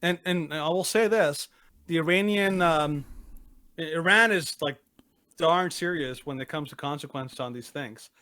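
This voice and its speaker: A man's voice: fairly high pitch, measured pace, sharp tone, no echo. A man co-hosting a podcast, talking casually and emphatically, often searching for his words. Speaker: podcast co-host. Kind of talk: casual opinionated chat.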